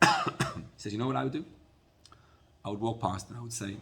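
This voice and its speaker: A man teaching a Torah class as a rabbi, telling a story in an animated way and often repeating words. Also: mid-range voice, fairly quick, long pauses, slight background noise.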